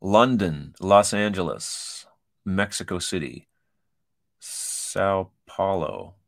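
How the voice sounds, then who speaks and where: A man with a low, fairly bright voice hosts a laid-back kitchen-design show. He reads quiz items from an online quiz aloud while commenting over a shared screen, keeping it chatty and full of jokes and asides.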